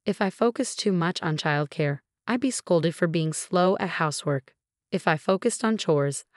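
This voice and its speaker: A woman narrating a first-person story in an even, plain storytelling manner. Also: on the low side, no echo, studio quality.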